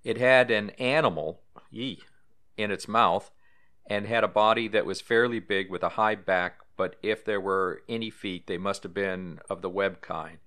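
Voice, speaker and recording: A man's voice: lowish voice, a little slow, fairly bright tone. A man hosting a paranormal podcast, reading history and trivia aloud in a casual way with small asides. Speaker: podcast host.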